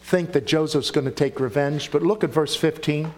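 A man's voice: on the high side, fairly even intonation, moderate pace. A man preaching a sermon and reading scripture aloud. He speaks emphatically and keeps asking the listeners questions.

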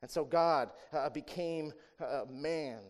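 A pastor with a higher-leaning voice takes his sermon slowly and conversationally. Rhetorical questions and a habitual "right?" run through it, as he swings from raised, emphatic lines to quiet asides.

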